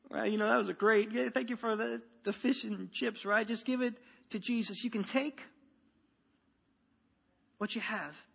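Man, sermon, high voice, conversational, repeats and restarts, long hall reverb. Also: creaky, fairly bright tone. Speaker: pastor.

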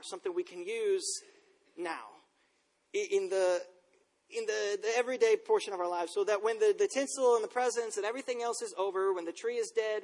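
A man in his thirties, a pastor, giving a conversational sermon with relaxed, self-deprecating stories. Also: high-pitched. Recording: long reverb in a large room.

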